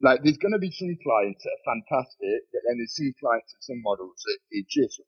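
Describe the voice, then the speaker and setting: Young bloke, husky voice, lively swings in pitch, swears a lot, bit muffled lo-fi sound. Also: male voice, brisk. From Nottingham, England. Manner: swears freely, animated storytelling with laughs. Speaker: podcast guest, model. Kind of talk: casual chat. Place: bedroom.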